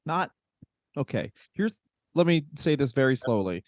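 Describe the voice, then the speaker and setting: A man's voice: medium pitch, big pitch swings, moderate pace, darkish tone, no room sound, clean studio sound. A man co-hosting a casual comedy podcast, explaining history with wry jokes and laughter. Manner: laughing, wry storytelling with swearing. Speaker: podcast co-host.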